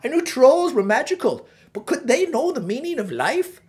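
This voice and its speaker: A chirpy male farmhand with a lilting Irish accent rambles through a folksy comic tale, as a man puts him on. The voice sits high and bright for a grown fellow, all good-natured storytelling. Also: big pitch swings, moderate pace. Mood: cheerful. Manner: folksy, rambling yarn-spinner.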